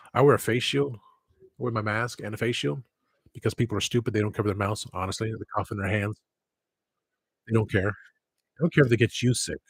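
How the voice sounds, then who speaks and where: Husky low-voiced man rambling and grumbling. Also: no echo, low-quality recording. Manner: rambling, grumbling about people. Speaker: livestreamer. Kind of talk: casual livestream chat.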